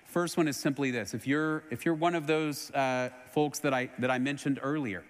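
A middle-aged man from Texas preaching a sermon as pastor, earnestly, swelling loud and then dropping low and soft. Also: fairly even intonation, normal speed. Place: church sanctuary. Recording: long hall reverb.

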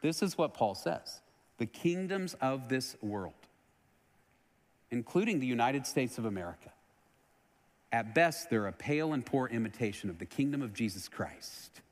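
A middle-aged man from Texas preaching a sermon as pastor, earnestly, swelling loud and then dropping low and soft. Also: expressive, normal speed. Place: church sanctuary. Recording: long hall reverb.

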